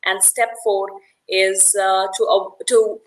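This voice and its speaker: Running a networking workshop, a woman tells stories conversationally, briefly acting out other people's voices and often checking in with "right?". She speaks slowly in a mid-range voice with little pitch movement, and the audio is poor.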